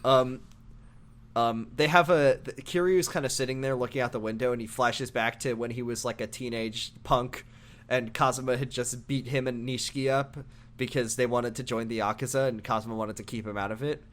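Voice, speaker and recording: A man's voice: medium pitch, steady tone, brisk, a bit bright. A man co-hosting a casual podcast, recapping a game and acting out characters' lines in silly voices. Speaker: podcast co-host.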